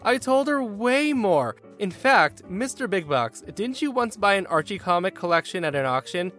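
Animated man telling a story. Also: sits high, moderate pace, faint music behind. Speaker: podcast host. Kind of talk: reading stories aloud.

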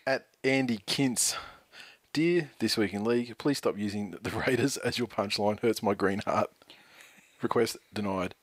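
A man's voice: lowish voice, measured pace, no room sound. Dry-voiced Australian man reading listener tweets. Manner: dry, reads tweets aloud with laughs and swearing. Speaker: podcast co-host reading listener messages. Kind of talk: casual sports podcast banter.

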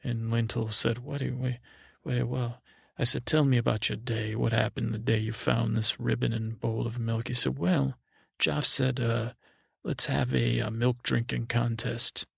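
Male comic improviser, gravelly and flat, playing a naive childlike narrator who rambles and restarts constantly. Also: medium pitch, no room sound, studio quality. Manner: rambling, halting, full of restarts; naive, childlike storyteller persona. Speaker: comedy podcast host. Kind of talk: improvised in-character comedy storytelling.

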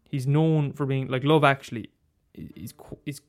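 A man's voice: medium pitch, fairly even intonation, normal speed. A man talking casually about a favourite film, rambling and restarting, swearing and laughing as he goes. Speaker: film commentator. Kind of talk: casual monologue.

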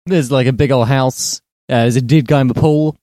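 A man co-hosting a casual film podcast, retelling the plot in a rambling way with deadpan jokes. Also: mid-range voice, a little fast, no room sound, clean studio sound. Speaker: podcast co-host.

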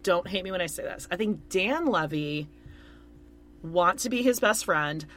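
A young woman co-hosting a podcast, chatting playfully and quick to laugh. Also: lowish voice, expressive, a bit bright, faint music behind. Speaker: podcast co-host. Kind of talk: casual chat.

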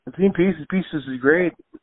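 A man co-hosting a podcast in casual chat, easygoing and agreeable, quick to laugh. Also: on the high side, no echo. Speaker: podcast co-host. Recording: phone-like sound with clear background hiss.

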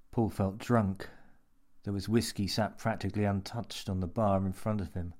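Man, lowish voice, scripted horror narration, measured, dark. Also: fairly even intonation.

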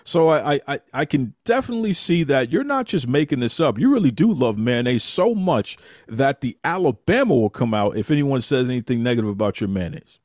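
A man's voice: mid-range voice, big pitch swings, brisk, darkish tone, no echo, clean studio sound. A man from Boston hosting a show, teasing his guest in a playful, mock-serious way. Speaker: podcast host. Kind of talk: casual chat, mock news delivery.

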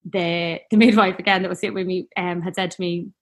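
Chatty woman, slightly low voice. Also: fairly even intonation, brisk. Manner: chatty, rambling, heartfelt, peppered with "like". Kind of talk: casual personal storytelling.

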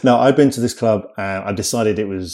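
Lower-voiced man telling stories animatedly. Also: fairly quick. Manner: animated, laughing storyteller who acts out quoted dialogue. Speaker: guest comedian. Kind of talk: casual interview storytelling.

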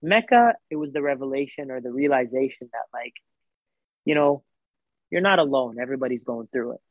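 A man casually recounting a personal story, acting out the dialogue in an animated way and using plenty of fillers. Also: mid-range voice, a little fast, dry recording. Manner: animated retelling with reported dialogue, many fillers. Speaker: guest telling a personal story. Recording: thin phone-like dry sound.

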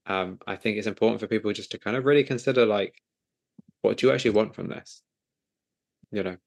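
A man's voice: on the low side, quick pace, creaky. A man hosting an interview podcast, chatting casually in rambling, self-correcting runs. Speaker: podcast host.

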